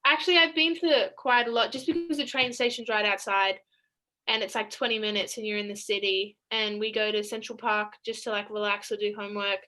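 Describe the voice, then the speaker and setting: A woman's voice: mid-range voice, steady tone, a little fast, sharp tone, rough recording. A young Australian woman, a college basketball player, chatting in a video call interview and laughing often between sentences. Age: young adult.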